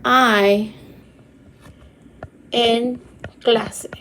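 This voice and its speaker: A woman teacher giving a recorded grammar lecture, explaining patiently and repeating examples slowly. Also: on the high side, flat delivery, pushed and bright, slight background noise, rough recording. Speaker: Spanish teacher.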